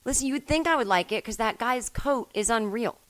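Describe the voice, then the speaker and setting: A woman hosting a solo comedy podcast from home, rambling and self-mocking, with sudden loud bursts. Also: a little high, fairly quick, no echo, poor audio. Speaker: podcast host.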